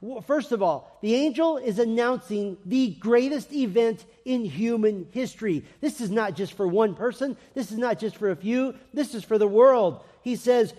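High-voiced male preacher in a reverberant hall. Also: moderate pace, few pauses. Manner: earnest, swinging between emphatic and hushed. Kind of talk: sermon.

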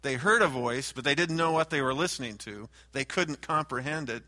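Bright-voiced man preaching a sermon. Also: mid-range voice, expressive, a little fast. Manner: emphatic, raises voice on repeated names. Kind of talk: Bible teaching sermon.

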